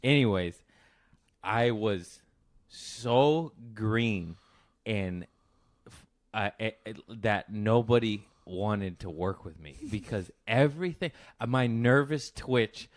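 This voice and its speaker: A man's voice: on the low side, animated, takes it slowly. A man hosting a casual podcast chat, laughing often and telling self-mocking stories. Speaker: podcast host.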